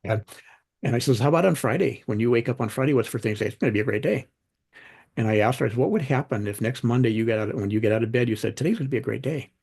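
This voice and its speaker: Gravelly man telling life stories. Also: mid-range voice, racing. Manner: animated anecdotes, acts out quoted dialogue. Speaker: podcast guest, author. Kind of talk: conversational storytelling.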